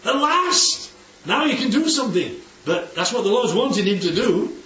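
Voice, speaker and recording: A man's voice: high-pitched, big pitch swings, moderate pace, bright, forceful tone. A man giving an informal Bible teaching to a group, often asking the listeners questions and checking they follow. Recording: distant, dull, roomy recording with faint noise.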